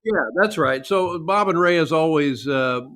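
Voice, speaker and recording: A man's voice: fairly high pitch, animated, measured pace, fairly bright tone. An older man as a podcast guest, recalling old memories in a rambling, hesitant way. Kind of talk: casual interview chat.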